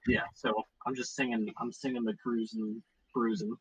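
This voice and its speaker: A man playing a tabletop game, talking excitedly and swearing casually. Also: mid-range voice, normal speed, breathy edge, poor audio. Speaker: player.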